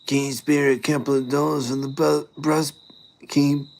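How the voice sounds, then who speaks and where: A man voicing a brash young male street hustler in Australian eshay slang, high, loud and swaggering. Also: level tone, normal speed, vocal fry, poor audio. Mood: wheedling. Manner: wheedling and aggressive, calls everyone brother.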